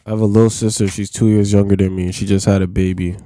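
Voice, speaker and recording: A man's voice: fairly low pitch, level tone, fast, dark tone. A young man as a podcast guest in casual chat, blunt and joking with heavy slang.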